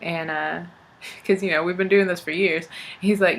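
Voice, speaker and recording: A woman's voice: on the low side, fairly even intonation, normal speed. A young woman, chatting casually as she tells a family story, laughing and acting out what relatives said. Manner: chatty, laughing, acts out family members' lines. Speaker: vlogger.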